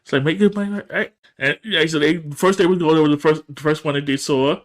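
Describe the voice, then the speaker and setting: A man on a podcast couch chatting loosely about a sitcom episode, with a slightly raised voice. He keeps slipping into the characters' lines, jumping high and dropping low as he acts them out. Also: fast. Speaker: podcast co-host. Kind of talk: casual chat recapping a TV episode.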